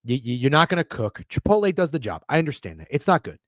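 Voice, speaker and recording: A man hosts a sports betting stream and rants, cursing freely and dripping with sarcasm as he reads the chat. His voice sits high for a man. The sound is close and dry, with no room around it. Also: big pitch swings, quick pace, no room sound. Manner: profane, ranting, sarcastic. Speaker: sports betting show host. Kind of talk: live-stream rant reading chat.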